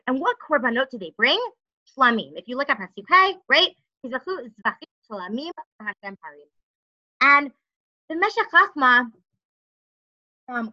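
A woman with a high, very bright voice teaches a Torah lesson, reading Hebrew verses and explaining them in English. She pauses, restarts her sentences and asks rhetorical questions. The recording sounds somewhat dull and lo-fi.

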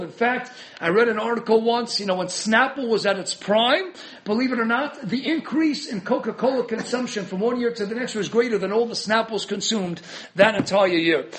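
A man teaching a Torah class in an animated way, chuckling often and mixing in Hebrew and Yiddish terms. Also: extremely high pitch. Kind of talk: Torah lecture.

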